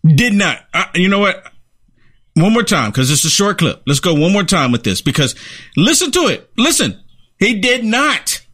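A man's voice: high voice, very animated, normal speed, a bit bright, breathy edge. A man hosting a political talk show, speaking emphatically and repeating phrases to drive a point home. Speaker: show host and political commentator. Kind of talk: opinionated commentary chat.

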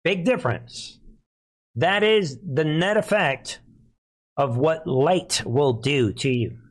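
A man hosting a political commentary show, talking emphatically with rhetorical asides and sharp rises in pitch. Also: slow. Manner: emphatic, rhetorical questions, animated pitch swings. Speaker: show host.

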